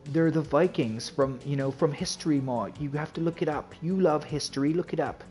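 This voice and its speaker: A man putting on the voice of a prim, proper elderly grandmother from London, gently setting him straight. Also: a little high, a little fast, soft background music, pitched above the performer's own voice, natural voice. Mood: matter-of-fact.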